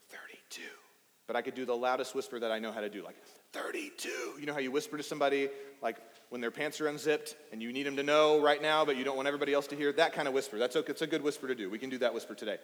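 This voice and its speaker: A man's voice: mid-range voice, fairly even intonation, very fast, hardly any pauses, a bit bright. A man in his thirties from East Texas, preaching a casual, playful sermon and talking with the children in the congregation. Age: 30s. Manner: playful and chatty, addressing children. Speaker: pastor. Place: church sanctuary. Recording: reverberant hall.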